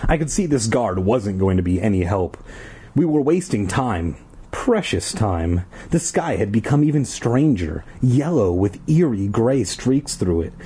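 A man's voice: lowish voice, big pitch swings, measured pace, warm tone, a little hiss or hum. A man from Southern California casually reading a children's horror book aloud, with dry joking asides. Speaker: story reader.

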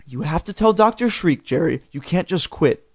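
A gentle mother who soothes and pleads in a soft, raised voice, as a man reads her lines. She speaks in a hushed, reassuring way, and the sound is dry and close. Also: fairly high pitch, animated, moderate pace, no echo, pitched above the performer's own voice. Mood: soothing.

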